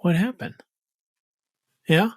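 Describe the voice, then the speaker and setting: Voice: slow, dry recording. A podcast co-host in casual chat, teasing with dry jokes and pushing for answers.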